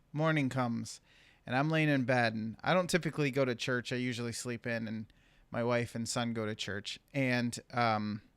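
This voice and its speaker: A man's voice: mid-range voice, fairly bright tone, no room sound. A young adult man on a casual podcast, telling a family story with frequent laughs. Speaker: podcast co-host. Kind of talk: casual chat.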